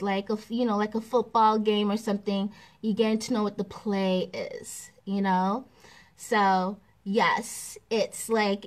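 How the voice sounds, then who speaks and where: A woman spiritual teacher giving a casual class, animated and repetitive, laughing and acting out examples. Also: on the high side.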